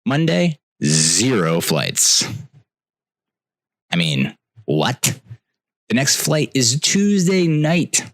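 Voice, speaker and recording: A young podcast host tells a comic travel story in an exasperated rant. His low voice lurches between shouted peaks and grumbling mutters, pitch swooping all over. The sound is dry and close to the mic. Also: very animated, drawn-out words, gravelly, pauses often, no echo. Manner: exasperated ranting, swings between loud outbursts and low mutters. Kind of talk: casual comedic storytelling.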